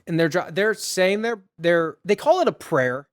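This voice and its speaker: Guy on a podcast rambling through a movie plot, kinda high voice, laughs a lot. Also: expressive, moderate pace. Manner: rambling, retells plot with quoted lines and laughs. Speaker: podcast host. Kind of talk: casual movie recap chat.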